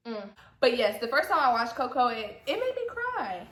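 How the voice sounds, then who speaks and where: A young woman from Atlanta with a slight Southern accent talks casually to her camera, repeating herself and tossing in teasing asides. Her voice is bright and a little high. The room rings with echo under a faint hiss. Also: very animated, moderate pace. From Atlanta, Georgia. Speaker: vlogger. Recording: echoey room with faint noise.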